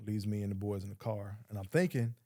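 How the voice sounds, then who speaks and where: Gravelly low man telling a story. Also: fast, warm tone, dry recording, clean studio sound. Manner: blunt, profane, quotes others in dialogue. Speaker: podcast guest. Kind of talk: casual storytelling.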